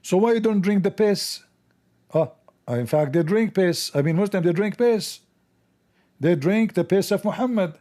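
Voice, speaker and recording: A man hosting a casual commentary video, sarcastic, animated and mocking. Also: high voice, moderate pace. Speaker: host.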